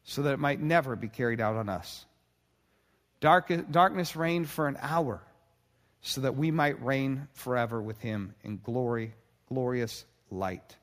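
A man preaching a sermon in an earnest voice, slowing down and pausing for dramatic emphasis. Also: mid-range voice, a bit bright, in a large hall. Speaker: pastor.

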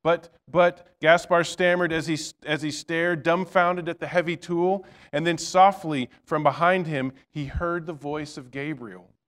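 A man narrating a storybook tale in a measured reading voice with small slips and restarts. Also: a little high, fairly even intonation, fairly bright tone.

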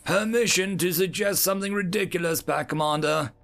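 A man voicing a blunt, proud male alien soldier who talks in a gruff, clipped military way. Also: sits high, brisk, fairly bright tone, faint music behind.

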